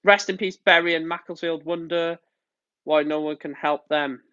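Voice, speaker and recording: Guy fuming on a live stream, swearing a lot, fairly high voice, dull dry lo-fi mic. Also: steady tone, normal speed, sharp tone, smooth, dry recording. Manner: angry, exasperated, swears often. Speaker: football streamer.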